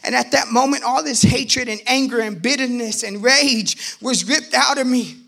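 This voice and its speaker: A man telling his personal faith testimony in an animated way, acting out the voices in his story and bursting out loud at times. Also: very high-pitched, normal speed, vocal fry. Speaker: testimony speaker.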